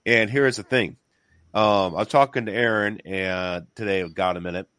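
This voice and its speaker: A man hosting a casual religious discussion, talking in an excited, emphatic, rambling way with many restarts. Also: on the low side, normal speed, smooth, dry recording.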